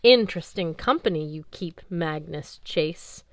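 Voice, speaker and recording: A woman voicing an ancient male wolf, sly and menacing, drawing out his words slowly. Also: low voice, no echo, studio quality. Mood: gloating. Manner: slow, relishing drawl.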